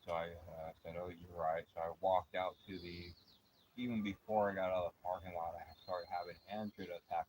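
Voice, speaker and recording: A campground host tells a long, rambling story in a low voice and swears freely. Clear outdoor noise runs behind him the whole time. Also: male voice. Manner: rambling, profane, animated storyteller. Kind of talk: casual storytelling. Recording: noisy outdoor ambience.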